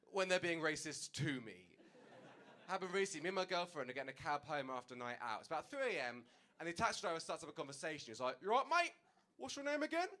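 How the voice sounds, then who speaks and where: A young man doing a stand-up comedy set on stage, telling a story with animated delivery and acted-out dialogue. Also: fairly high pitch. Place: comedy stage before an audience.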